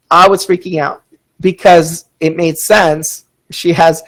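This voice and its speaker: A man's voice: on the high side, fairly even intonation, takes it slowly, a bit bright, poor audio. A man hosting a casual storytelling podcast, rambling and chatty with lots of fillers, reading out listener comments. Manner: reads out audience chat comments. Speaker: podcast host.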